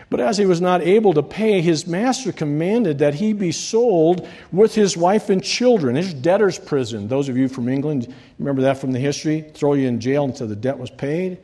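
A man preaching a sermon, swinging between loud, rising reading and quiet, dropped endings. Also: fairly high pitch. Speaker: pastor.

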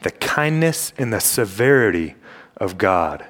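A young man preaching a sermon in a church, emphatic and full of rhetorical questions, clearing his throat now and then. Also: on the low side, very animated, measured pace, fairly bright tone. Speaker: campus ministry preacher. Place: church sanctuary.

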